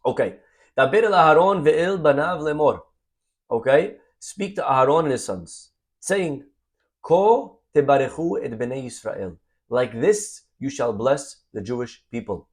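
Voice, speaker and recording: Rabbi guy giving a torah class, lively, reads hebrew lines then explains them. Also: mid-range voice, measured pace. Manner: animated, addresses listeners as "my friends"; reads Hebrew verses aloud and translates them.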